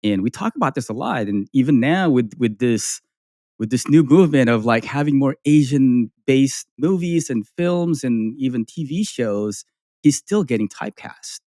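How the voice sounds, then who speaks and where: A man's voice: mid-range voice, expressive, moderate pace, warm tone, dry recording, clean studio sound. A man hosting a podcast, asking questions and chatting in a loose, casual way. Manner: chatty, loose, many fillers. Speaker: podcast host. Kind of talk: casual interview chat.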